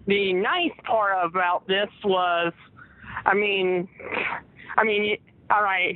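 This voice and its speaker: A man calling in to a live podcast, chatting casually in a slow, halting way with many pauses. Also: sits high, dry recording. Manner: slow and halting, lots of filler. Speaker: caller. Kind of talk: casual chat over a call line. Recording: tinny dry phone line.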